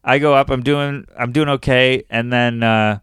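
Smooth-voiced man laughing through his stories. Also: mid-range voice, fairly even intonation, moderate pace, a bit bright, dry recording, clean studio sound. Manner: laughs often while telling stories, self-deprecating. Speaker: comedian. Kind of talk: casual podcast chat, telling a story.

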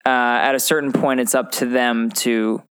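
A man co-hosting a podcast, talking through a film in a relaxed, thoughtful way and joking with his co-host. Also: medium pitch, moderate pace, clear, resonant tone. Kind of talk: casual movie discussion chat.

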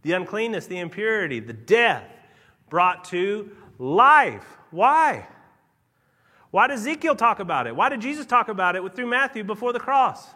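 Male pastor, high lively voice, bright and forceful, preaching with dramatic emphasis. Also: fairly quick. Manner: emphatic, dramatic swings in pace and loudness. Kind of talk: sermon.

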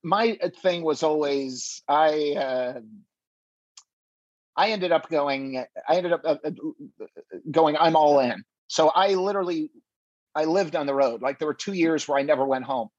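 Comic guest, male, husky and dry, animated storyteller who keeps restarting. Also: a little high, measured pace, no room sound, dull audio. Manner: animated, many restarts, acts out quotes. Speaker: stand-up comedian guest. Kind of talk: casual interview storytelling.

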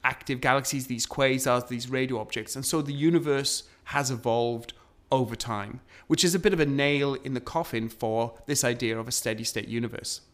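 A man's voice: medium pitch, steady tone, moderate pace. A man casually recounting the history of astronomy, with frequent ums and restarts. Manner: storytelling, hesitant with ums and restarts. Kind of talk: conversational science storytelling.

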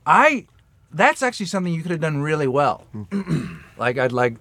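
A man's voice: a little high, sing-song, moderate pace, bright, forceful tone. A man bantering in casual chat, teasing bluntly and swearing. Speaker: podcast co-host.

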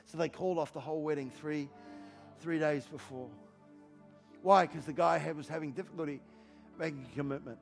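A man in his fifties preaching a sermon in a church, energetic and joking, driving points home with repeated rhetorical questions. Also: fairly high pitch, fairly quick, vocal fry, faint music behind. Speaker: pastor. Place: church hall.

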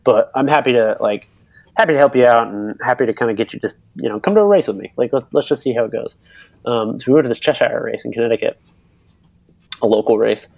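A man's voice: mid-range voice, fast, gravelly, a little mellow, no echo, low-quality recording. A young man, an interview guest, telling a long story in loose casual talk full of fillers, acting out the voices of other people. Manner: rambling, many fillers, acts out others' voices. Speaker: interview guest, bike racer and mechanic.

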